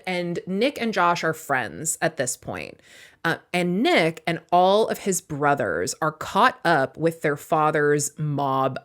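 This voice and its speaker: A woman with a fairly low voice co-hosts a casual book podcast. She walks through the plot in a chatty way and breaks off for playful asides. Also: a bit bright. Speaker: podcast co-host. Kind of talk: casual book-recap chat.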